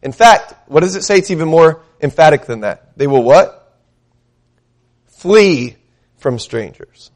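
Slow-preaching high-voiced male pastor. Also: expressive, darkish tone. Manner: emphatic, asks the congregation questions; reads scripture aloud slowly. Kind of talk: sermon.

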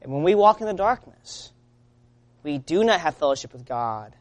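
A woman preaching a sermon in an earnest way. She moves between loud urging and quiet, low-spoken lines. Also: very animated, normal speed.

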